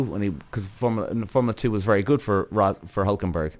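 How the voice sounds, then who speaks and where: A man hosting a podcast, giving casual, rambling commentary on a TV series, animated and swearing often. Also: on the low side, fast talker, few pauses. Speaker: podcast host.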